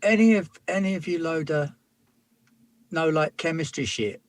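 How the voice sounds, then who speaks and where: A man in a tabletop role-play, speaking in character as a gruff space hauler full of slang. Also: fairly high pitch, normal speed. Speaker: player.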